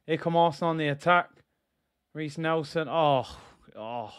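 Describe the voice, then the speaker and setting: A man's voice: a little high, normal speed, clear, resonant tone, dry recording, studio quality. A young man hosting a live football watch-along, exasperated and sarcastic. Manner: exasperated, sarcastic, repeats himself. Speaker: football channel host.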